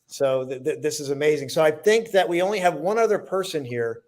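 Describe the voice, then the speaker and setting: A man hosting an online premiere warmly introduces his guests. He is effusive and enthusiastic, stumbles as he talks, and his voice sits slightly high. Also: expressive, brisk. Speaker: host. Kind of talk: introducing guests on a video call.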